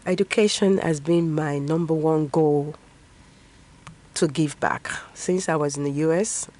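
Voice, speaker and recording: A woman's voice: low voice, steady tone, measured pace, mellow. A woman in her fifties, a guest in an interview, talking earnestly about education and often breaking into a laugh. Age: 50s. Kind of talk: casual interview talk.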